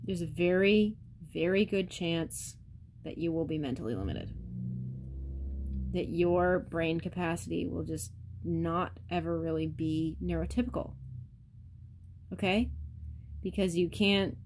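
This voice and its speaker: A woman with a somewhat low speaking voice rants bluntly on her vlog. She swears freely and talks straight to her viewers in a casual, unscripted way. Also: unhurried, long pauses, background noise. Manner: blunt, profane, ranting; addresses viewers directly. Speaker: vlogger. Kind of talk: casual rant to camera.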